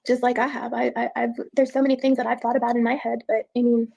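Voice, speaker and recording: A woman giving an emotional personal account in an interview, halting and repeating words as she speaks. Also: fairly high pitch, flat delivery, vocal fry, mellow, poor audio.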